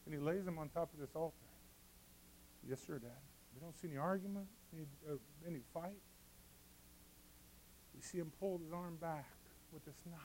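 A male pastor preaching a sermon, acting out scripture scenes with dramatic swings between hushed and loud. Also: on the high side, steady tone, a little fast, pauses often, slight background noise.

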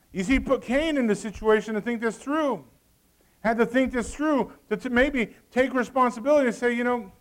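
A male pastor preaching a sermon, reading scripture in old-fashioned wording and calling out to the congregation, swinging from loud to hushed. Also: very high-pitched, brisk.

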